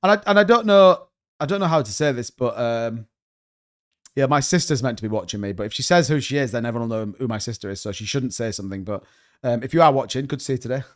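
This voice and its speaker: A man's voice: mid-range voice, expressive, quick pace. A young man hosting a crypto stream, chatting casually and rambling with frequent restarts. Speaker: crypto channel host. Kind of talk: casual livestream chat.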